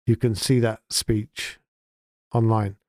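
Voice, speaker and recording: A man's voice: lowish voice, little pitch movement, slow pace, darkish tone, no room sound, clean studio sound. A man hosting his own podcast, talking in an earnest, heartfelt and sometimes emotional way. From England. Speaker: podcast host and town mayor. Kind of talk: casual spoken podcast update.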